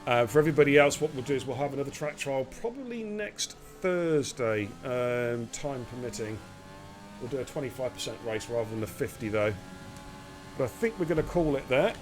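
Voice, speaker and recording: A man hosting a live racing stream in a relaxed, chatty way, joking with his audience. His voice sits at an ordinary middle pitch, and a faint background hiss runs under it. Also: fairly quick. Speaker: esports race league host. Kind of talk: casual live-stream commentary.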